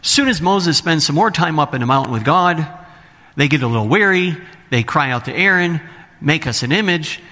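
A man's voice: on the high side, expressive, moderate pace, pushed and bright. A man preaching a sermon to his congregation, reading scripture aloud and asking the listeners questions. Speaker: pastor. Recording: long hall reverb.

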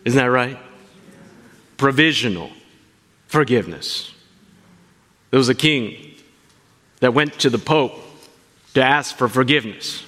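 A man preaching a sermon, animated and asking his listeners questions as he teaches. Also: mid-range voice, unhurried, pauses often, long reverb tail. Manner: animated, asks the congregation questions. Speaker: pastor.

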